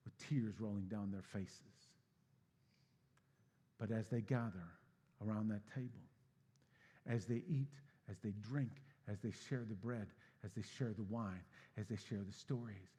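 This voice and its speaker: A man preaching a sermon as pastor, swinging from hushed, low passages to loud, emphatic bursts. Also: breathy edge, dull audio. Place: church sanctuary. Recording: long hall reverb.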